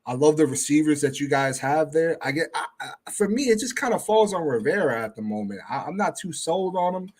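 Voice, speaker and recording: A man on as a guest talks football in a relaxed, measured way, hedging his points as he goes. His voice sits a little higher than most men's. It is an easygoing, conversational delivery. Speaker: guest fan analyst. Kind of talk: casual sports talk.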